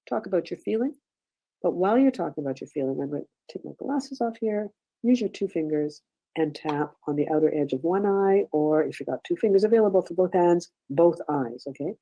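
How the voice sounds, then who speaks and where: A woman leading an online workshop, talking conversationally, giving gentle step-by-step guidance and checking in often with "okay?". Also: deep voice, a little fast, creaky, rough recording. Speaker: workshop instructor.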